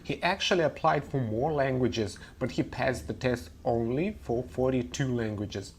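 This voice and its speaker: In a webinar lecture, a man teaches English pronunciation, methodically explaining his principles one at a time. His voice is medium-pitched and moderately paced, with a little hiss or hum in the background.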